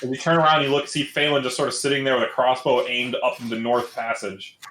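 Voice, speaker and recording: A man's voice: medium pitch, level tone, fast talker, fairly bright tone, reverberant, a little hiss or hum, poor audio. Rambling man running a tabletop game. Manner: loose, rambling narration with many fillers. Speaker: dungeon master.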